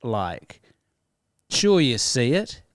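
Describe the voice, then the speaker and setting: A man with a New Zealand accent, a guest comedian telling stories in a casual interview, animated and often laughing. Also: mid-range voice, very slow, dry recording, studio quality.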